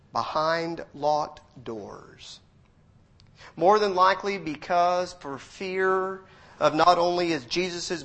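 A man with a fairly high voice preaching a sermon as a dramatic story. He drops to near-hushed narration, then climbs into loud, fervent exhortation. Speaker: pastor.

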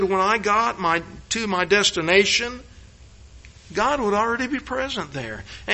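A high, bright-toned man preaching a sermon. He stumbles and restarts words often and swings between ringing emphatic lines and low, quiet ones. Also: poor audio. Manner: stammering restarts, emphatic rises and hushed drops. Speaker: pastor.

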